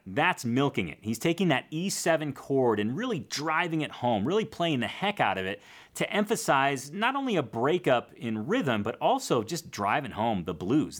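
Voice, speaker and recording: A man giving a casual guitar lesson, explaining technique in a relaxed, conversational way and counting beats aloud. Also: medium pitch. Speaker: guitar teacher.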